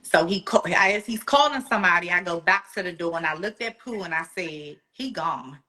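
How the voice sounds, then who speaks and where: Woman, bright voice, emotional personal story, animated delivery, acts out quoted voices. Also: on the low side, moderate pace. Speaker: guest.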